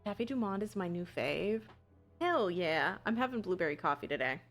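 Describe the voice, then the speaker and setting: A young adult woman streaming a game, chatting casually with viewers, swearing and bursting out excitedly. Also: lowish voice, normal speed, soft background music. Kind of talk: casual live gameplay chat.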